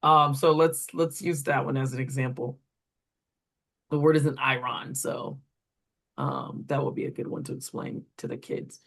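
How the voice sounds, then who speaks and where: A woman's voice: rumbling low, steady tone, moderate pace, creaky, a bit bright. A woman walking through reading correction steps as a tutor trainer, explaining step by step with fillers while pointing at examples. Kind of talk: instructional walkthrough.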